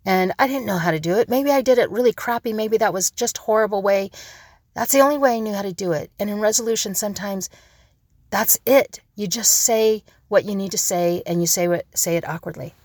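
A woman's voice: medium pitch, a little fast, darkish tone, dry recording, studio quality. A middle-aged woman telling a personal story in an earnest, reflective way, often restarting her sentences.

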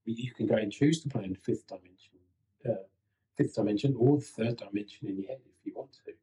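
A male podcast host on a spiritual show talks calmly and in a measured way as he walks listeners through a demonstration. His voice is fairly low in pitch, and the recording quality is poor.

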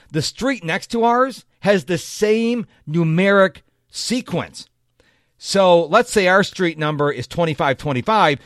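A man's voice: fairly high pitch, dry recording, clean studio sound. A man hosting a solo podcast, talking straight to his listeners in a chatty, self-correcting way. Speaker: podcast host. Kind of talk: solo motivational podcast monologue.

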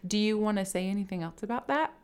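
A woman's voice: medium pitch, fast, smooth. A woman co-hosting a casual podcast from a home kitchen, talking in a chatty, enthusiastic way. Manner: enthusiastic, warm-hearted, chatty with many "like"s. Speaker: podcast co-host. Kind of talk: casual conversational podcast chat.

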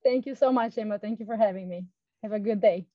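A woman's voice: medium pitch, fast, dry recording, dull audio. A woman tennis coach as a podcast guest, talking in an earnest, plain way. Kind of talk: casual interview chat.

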